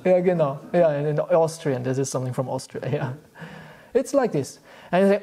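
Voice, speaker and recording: Male spiritual teacher, warm low-key delivery, laughs easily. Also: brisk. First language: German. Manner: chuckles often, relaxed and storytelling. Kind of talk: devotional talk to a group.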